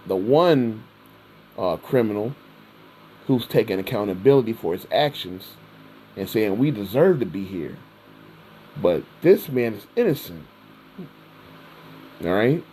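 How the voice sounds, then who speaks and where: A man giving an informal sermon, reading scripture slowly and then retelling it in everyday words, often checking in with "all right?". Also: lowish voice, expressive, warm tone, a little hiss or hum, low-quality recording. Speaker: preacher.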